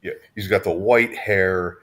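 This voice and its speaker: A man's voice: low voice, steady tone, a little slow, a bit bright. A man from Southern California, co-hosting a podcast in casual chat, rambling with restarts and fillers. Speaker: podcast co-host.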